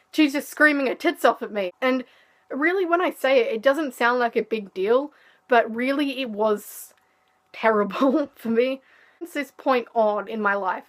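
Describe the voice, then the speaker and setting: Teen girl vlogger, slightly high, candid and sarcastic storyteller. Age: teens. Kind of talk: storytime vlog.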